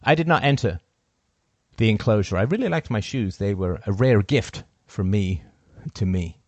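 Cold, deliberate male storyteller. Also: fairly low pitch, animated, darkish tone, no echo, lo-fi sound. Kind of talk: first-person story narration.

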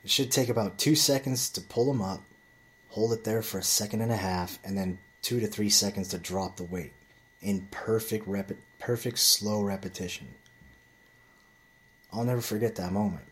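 Casting: deep-voiced man, casual vlogger, swears freely, loose rambling delivery. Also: steady tone, moderate pace, fairly bright tone. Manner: rambling storytelling with heavy swearing. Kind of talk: casual monologue to camera.

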